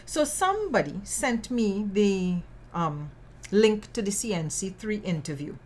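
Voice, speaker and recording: A woman with a Trinidadian accent hosting a news commentary podcast, outspoken and sassy, full of local slang and emphatic repetition. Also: lowish voice. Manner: emphatic, repeats words for effect. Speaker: podcast host.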